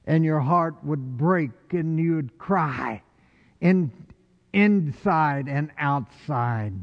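Guy preaching slow and fervent, gets loud then drops real quiet, muffled old recording in a big echoey hall. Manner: impassioned, swings from loud rising calls to low hushed lines. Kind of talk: sermon. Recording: dull lo-fi recording with long hall reverb.

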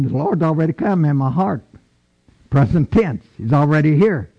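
Slow gravelly-voiced preacher man. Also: animated, dull audio. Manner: slow, emphatic preaching with repetitions, booming when quoting scripture. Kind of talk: sermon.

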